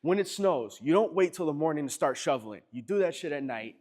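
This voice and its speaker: A man's voice: a little high, expressive, a little fast, a little mellow. A man with an East Coast American accent, a chiropractor telling stories casually to a workshop group, chatty and often laughing as he acts out quotes. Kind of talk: casual storytelling to a live group.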